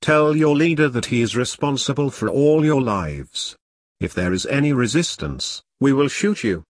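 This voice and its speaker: A man's voice: mid-range voice, lively intonation, moderate pace, a little hiss or hum, lightly acted. A man voicing a stern male army section commander who gives clipped orders to surrendering troops.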